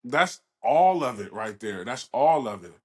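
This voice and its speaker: A man hosting a podcast, reflecting on what his guest said in a measured, thoughtful way. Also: mid-range voice, sing-song, darkish tone. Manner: measured, reflective commentary with frequent affirmations. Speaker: podcast host. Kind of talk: casual interview chat.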